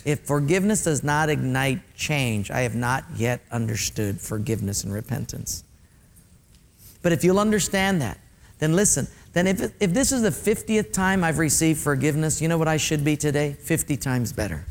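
Addressing his congregation directly, this middle-aged pastor delivers an animated sermon, driving points home through repetition. He speaks at normal speed in a slightly high voice.

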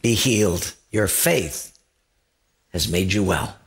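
A man voicing God, speaking slowly and gravely in a pitch below his own. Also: close to an everyday voice. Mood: solemn. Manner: slow, grave, declaring. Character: God speaking, solemn and calm.

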